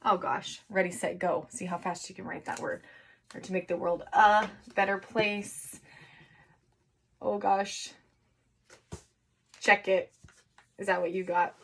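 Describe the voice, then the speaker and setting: A woman teaching young children to write, encouraging them and sounding out words slowly syllable by syllable. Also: lowish voice. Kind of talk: remote phonics and writing lesson for young children.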